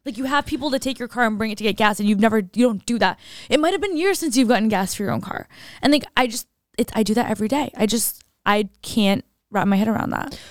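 A young woman in casual podcast chat, talking fast and loose with plenty of "like"s. Her voice is smooth and clean, recorded close and dry with no room sound. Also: fairly high pitch, no echo. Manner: chatty, lots of "like", animated when retelling scenes. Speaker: podcast co-host.

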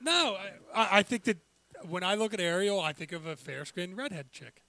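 A man's voice: sits high, lively intonation, brisk, pushed and bright, no echo. A man chatting casually as a podcast co-host, hedging and restarting his sentences. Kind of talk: casual chat.

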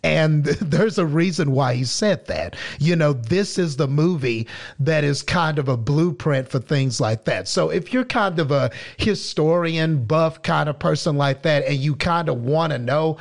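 Podcast co-host, man, gravelly and a touch high, slow halting delivery. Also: expressive. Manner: halting, many restarts and fillers. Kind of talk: casual film review chat.

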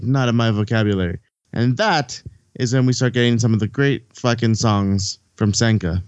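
A man's voice: mid-range voice, a little mellow, dry recording, dull audio. Rambling man in a casual chat. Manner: rambling, swears casually, acts out dialogue. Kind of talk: casual movie recap chat.

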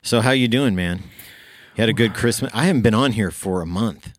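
A man hosting a podcast in a casual, upbeat chat, playful and quick to laugh. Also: fairly low pitch. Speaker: podcast host.

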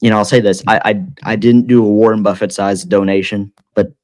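Low voiced guy rambling and joking on his podcast, pretty dry mic. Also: steady tone, a little fast, a little mellow, dry recording. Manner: joking, rambling, self-deprecating. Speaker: podcast host. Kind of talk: casual chat.

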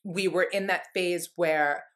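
This woman takes her time, her low, fairly bright voice keeping a mostly even intonation. As an interview guest she recounts a candid personal story, earnest and heartfelt, rambling and leaning hard on "like."

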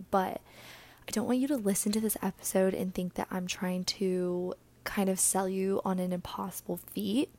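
A young woman hosting a casual solo podcast, chatty and earnest, sounding a bit out of breath and breathy, with words often trailing off into a whisper. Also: medium pitch, darkish tone. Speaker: podcast host.

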